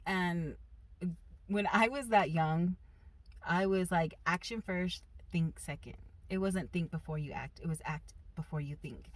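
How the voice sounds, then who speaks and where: A woman vlogger telling a personal story in a casual, animated and emphatic way. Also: fairly low pitch.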